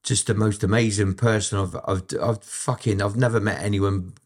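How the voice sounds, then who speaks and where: A man's voice: on the low side, steady tone, normal speed, slightly rough. A middle-aged man, telling blunt, profane, rambling stories about his past as an interview guest. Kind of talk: casual storytelling, heavy swearing.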